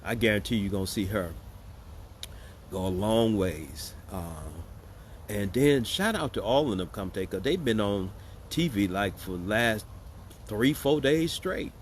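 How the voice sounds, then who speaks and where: A man's voice: fairly low pitch, lively intonation, measured pace, a little hiss or hum. A man hosting casual political commentary, joking and sarcastic as he talks straight to his viewers. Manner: joking, sarcastic and chatty, addressing viewers as y'all. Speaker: host.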